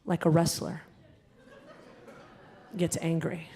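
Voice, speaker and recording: A young woman from the American South is emceeing a gala and telling a stand-up story. She tells it with animated energy, and she gets loud and punchy when she acts out the quoted lines. She speaks into a handheld microphone in a large performing arts hall. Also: low voice, slow, breathy edge. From Southern United States.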